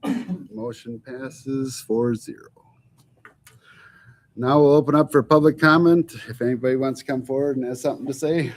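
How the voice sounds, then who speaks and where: A man serving as acting mayor, briskly running a city council meeting through its procedures. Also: mid-range voice, fairly even intonation.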